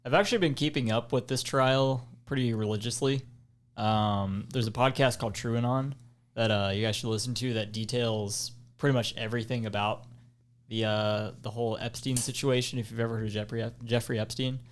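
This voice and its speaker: A man's voice: medium pitch, steady tone, fairly quick. A man co-hosting a casual podcast chat, explaining things at length with lots of ums and restarts. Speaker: podcast co-host.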